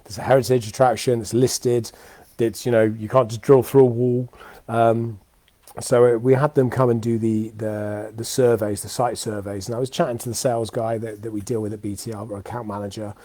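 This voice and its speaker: A young British man hosts his weekly live talk show from home with his dogs, rambling through an unscripted casual monologue full of ums and restarts. His medium-pitched voice is mellow and fairly flat, at a normal speed, with no echo.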